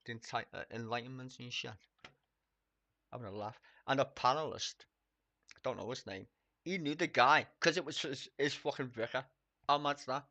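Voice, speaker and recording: A man's voice: medium pitch, normal speed, pauses often, bright, forceful tone, no room sound. A man streaming live, ranting casually and mockingly about the news, swearing often and laughing.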